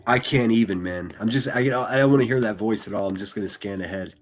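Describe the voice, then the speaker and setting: A man streaming profane, mocking reaction commentary with a husky voice. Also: fairly low pitch, fast, faint music behind. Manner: mocking, ranting, heavy swearing.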